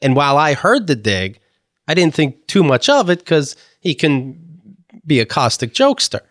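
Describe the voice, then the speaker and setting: A man's voice: a little high, very animated, moderate pace, fairly bright tone, no room sound, studio quality. A man co-hosting a casual talk show, telling rambling stories and slipping into imitations of people. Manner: rambling storyteller, mimics voices. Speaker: co-host. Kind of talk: casual podcast banter.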